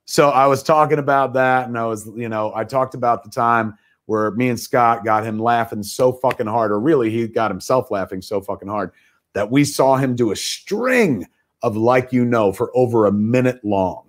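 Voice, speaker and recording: A man's voice: medium pitch, moderate pace. A middle-aged man on a livestream video call, telling a long story with lots of swearing and acting out the voices in his quotes. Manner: animated storyteller, swears freely, acts out quotes. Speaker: guest filmmaker.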